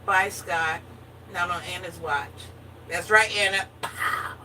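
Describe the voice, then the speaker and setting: Woman joking around w her viewers, sharp voice, kinda distant mic, faint hiss behind. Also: on the low side, steady tone, slow. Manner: playful, joking banter. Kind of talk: casual chat with viewers.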